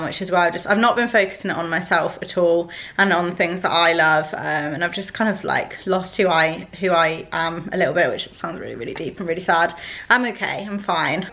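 A woman's voice: fairly low pitch, fairly bright tone. A young woman vlogging to camera at home, talking in a chatty, rambling way full of "like" fillers. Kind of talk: casual to-camera vlog. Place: at home indoors.

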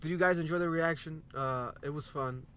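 A man co-hosting a music reaction video, casual and joking with a playful, excitable manner. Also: fairly high pitch, brisk, crowd noise. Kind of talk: casual chat.

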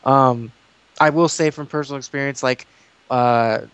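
A man's voice: mid-range voice, normal speed, smooth, dry recording. Rambling man, dry sound. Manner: rambling, animated storytelling with restarts. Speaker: guest YouTuber. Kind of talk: casual interview chat.

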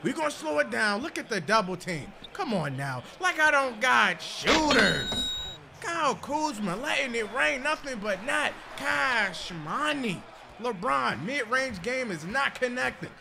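Loud trash-talking gamer, high gravelly voice. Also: male voice, big pitch swings, unhurried, a little hiss or hum. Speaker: gaming video creator. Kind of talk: hyped gameplay commentary. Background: music.

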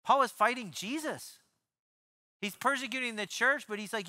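A man giving a sermon as pastor, animated, often repeating and restarting words and acting out quoted voices. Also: extremely high pitch, moderate pace. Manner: acts out quoted voices in his preaching.

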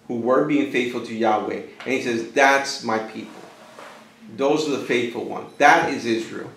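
A man teaching a conversational Bible lesson as a pastor, animated and acting out quotes with sudden jumps in his voice. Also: mid-range voice, echoey room, slight background noise, poor audio. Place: church.

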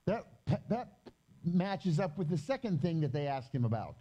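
A man giving a conversational Bible teaching with slides, reading scripture slowly and explaining it in loose, chatty asides. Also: fairly high pitch, very animated, mellow, rough recording. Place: gathering hall during a live-streamed event.

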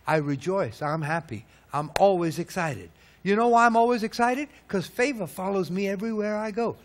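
High-pitched male preacher, emphatic sermon delivery, rhetorical questions, sharp swings in volume. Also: lively intonation, moderate pace, hardly any pauses. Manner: swings between loud peaks and low hushed lines.

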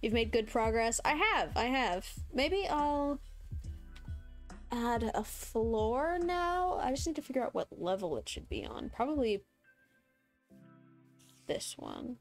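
Female game streamer, slow and relaxed, lively up-and-down delivery. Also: a little high, faint music behind. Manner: chatty, laughing, thinking aloud while building. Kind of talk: casual live-stream chat while gaming.

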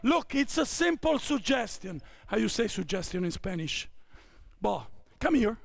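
Italian coach in his 50s, high gravelly voice, barks drill calls on a court, slow-talking. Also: sing-song, no room sound. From Italy. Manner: barking short drill commands. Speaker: basketball coach. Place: indoor basketball court.

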